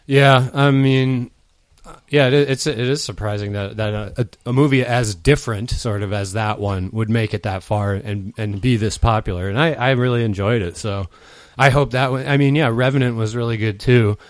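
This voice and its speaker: A man's voice: medium pitch, normal speed, no echo. A man co-hosting a podcast, chatting casually and rambling with fillers. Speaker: podcast co-host. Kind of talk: casual chat.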